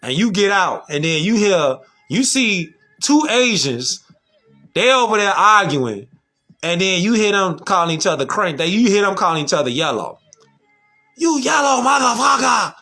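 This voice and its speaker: A man's voice: high voice, animated, normal speed, bright, forceful tone, soft background music. A man talking in a casual, slangy monologue, emphatic and full of rhetorical questions. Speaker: vlogger.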